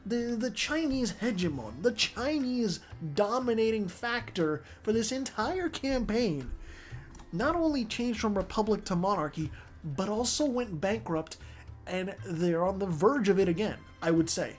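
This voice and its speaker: An excitable strategy game commentator talks through a match in a loose, casual way, dropping swear words and tripping over restarts. The pitch sits right in the middle, with soft music playing faintly underneath. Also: measured pace.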